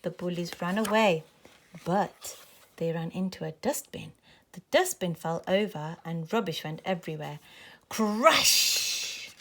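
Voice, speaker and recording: A woman reading a children's story aloud in a clear, expressive way. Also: fairly low pitch, moderate pace, a little hiss or hum.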